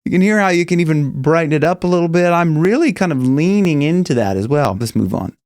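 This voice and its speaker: A man teaching singing, explaining casually and breaking into high sung examples. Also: lively intonation, fast, a little mellow, no echo. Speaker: vocal coach. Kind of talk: singing lesson with demonstrations.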